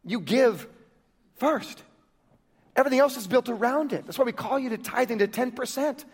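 Man, pastor, high-pitched voice, emphatic sermon, rhetorical questions, church hall with long reverb. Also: normal speed, breathy edge.

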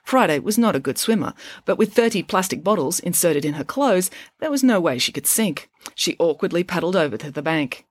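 A woman tells a children's adventure story in a fairly low voice that moves freely up and down. The recording is close and dry, with nothing around it. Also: a little fast, hardly any pauses, no room sound. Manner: expressive, even storytelling. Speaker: audiobook narrator. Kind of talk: storybook narration.

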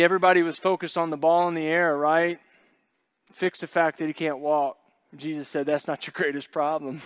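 Male pastor, sermon, conversational, joking asides, acts out voices, slightly high voice, dry close sound. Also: clean tone, dry recording.

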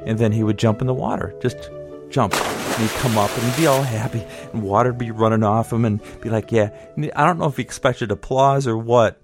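A middle-aged man tells a personal story from his childhood in a relaxed, conversational way. His delivery is wry and nostalgic, in an ordinary mid-range voice. Faint guitar music plays underneath. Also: medium pitch, brisk.

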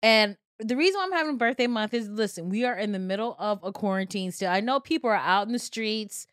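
A woman's voice: medium pitch, animated, fast, fairly bright tone, no echo, studio quality. A woman in her thirties hosting a podcast in casual chat, giggly and playful, joking in mock slang. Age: 30s. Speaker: podcast host. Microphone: studio mic.

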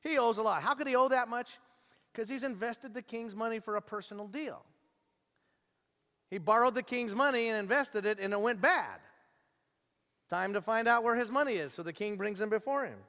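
Male pastor, high voice, lively storytelling sermon, long church-hall reverb. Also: normal speed. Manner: animated storytelling, acting out the characters' voices.

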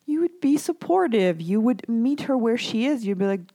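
Woman coach with a mellow voice. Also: a little high, animated, normal speed, hardly any pauses, dry recording. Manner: reassuring, repeats "right?" and "okay?". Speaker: life coach for mothers. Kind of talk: coaching monologue.

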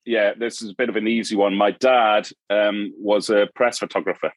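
A man's voice: lowish voice, fairly even intonation, normal speed, dry recording. A middle-aged Geordie man from Newcastle, a podcast guest chatting casually and wandering off on tangents. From Newcastle, northeast England. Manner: rambling storyteller, goes off on tangents. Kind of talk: casual chat.

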